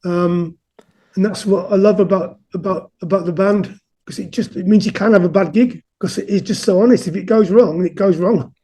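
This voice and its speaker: A man speaks in a high, mellow register. He talks earnestly and thoughtfully as an interview guest, often stumbling over repeated words as he gets going. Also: moderate pace, slightly rough. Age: 50s. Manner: earnest, reflective, repeats words when starting sentences. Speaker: guest musician. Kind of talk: casual conversational interview.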